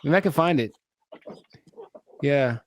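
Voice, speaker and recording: A young man co-hosts a podcast, chatting casually and cracking jokes in a slightly high, expressive voice. He speaks slowly and often trails off before starting his sentences over.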